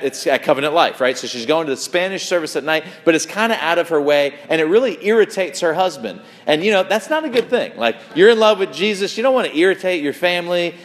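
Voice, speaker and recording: Man preaching a chatty sermon in a hall. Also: on the high side. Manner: conversational storytelling, many fillers and restarts. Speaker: pastor.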